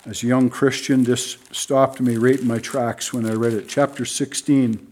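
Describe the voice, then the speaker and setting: Middle-aged guy giving a sermon, emphatic, gets loud then drops real quiet. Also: medium pitch, little pitch movement, moderate pace. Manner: emphatic, swings from loud to hushed. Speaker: preacher.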